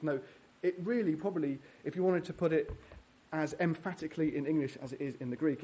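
Preacher man with a slightly high voice. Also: a little fast, darkish tone. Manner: earnest, prays, teaches verse by verse with fillers and restarts. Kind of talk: sermon. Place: church.

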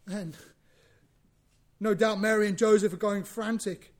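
A man preaching a sermon, lively and conversational, acting out bits of dialogue and repeating words as he goes. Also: high voice, unhurried. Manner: animated, acts out biblical dialogue, repeats himself.

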